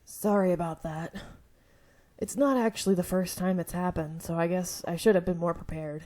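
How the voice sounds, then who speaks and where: A woman reading a soft-spoken bookish young man. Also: on the low side, normal speed, voice pushed down, close to an everyday voice. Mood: earnest. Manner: soft-spoken, earnest, gets passionate about books.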